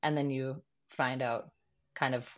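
Woman guest, very low pitch, chatty and full of fillers, slightly dull lo-fi sound. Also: steady tone, measured pace. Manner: chatty, lots of fillers and quoted asides. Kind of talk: casual podcast chat.

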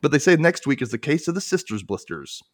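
A man's voice: fairly high pitch, quick pace. A man hosting a podcast, recapping a sketch show in casual chat, acting out bits and laughing often. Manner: animated storytelling, acting out lines, frequent laughter. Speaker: podcast host.

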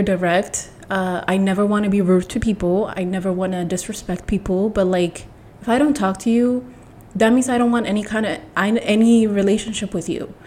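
A young woman with a mixed, blended accent rambles through a storytime vlog, blunt and animated. She restarts her sentences often and talks straight to her viewers in a voice of middling pitch. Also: slight background noise. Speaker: vlogger. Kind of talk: casual storytime to camera.

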